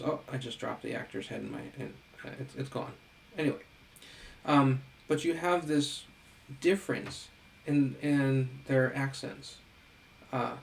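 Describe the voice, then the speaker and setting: A man's voice: medium pitch, creaky, rough recording. A middle-aged man giving a recorded lecture on teaching. He talks in a conversational way, asks rhetorical questions and keeps checking in with "right?". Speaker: education lecturer.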